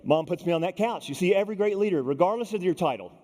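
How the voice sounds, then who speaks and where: A man's voice: high voice, fast talker. A man giving a storytelling keynote speech to a conference audience, talking to the crowd directly and acting out the people in his stories. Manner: animated, addresses the audience directly and acts out quoted people. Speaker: keynote speaker. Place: large conference hall. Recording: long hall reverb.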